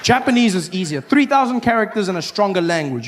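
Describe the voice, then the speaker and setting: A man's voice: sits high, fast, few pauses. A man doing stand-up comedy on stage, telling stories animatedly and jumping into voices. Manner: animated, jumps into voices and accents. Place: comedy stage before an audience.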